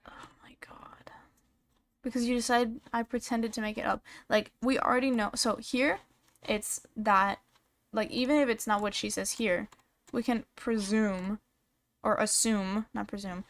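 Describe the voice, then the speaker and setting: A woman's voice: mid-range voice, steady tone, measured pace. A woman commenting casually on a stream, reading messages aloud and reacting bluntly, with frequent swearing.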